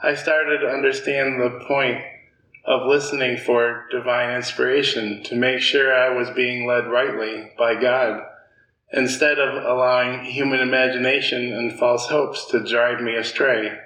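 A man hosting a church meeting, reading a testimony in a steady, measured way. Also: medium pitch. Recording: roomy sound with faint noise.

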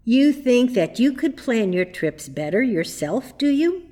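A woman's voice: fairly high pitch, very animated, measured pace, dark tone, voice pushed up. Smug, teasing male dream spirit in a storybook, offhand and mocking, read by a woman.

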